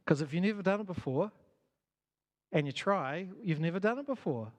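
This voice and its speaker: A man's voice: a little high, a little fast. A man giving a conversational talk to a church gathering as a church leader, asking the audience questions and poking fun at himself. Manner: conversational, self-deprecating, asks the audience questions. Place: church hall.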